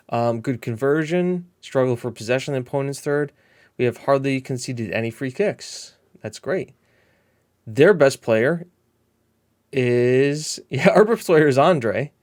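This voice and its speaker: During casual let's-play commentary, a man narrates his own game in a chatty, meandering way, often dropping a thought and starting again. His pitch sits in the ordinary middle range, but tense moments set off bursts of fast, excitable calls.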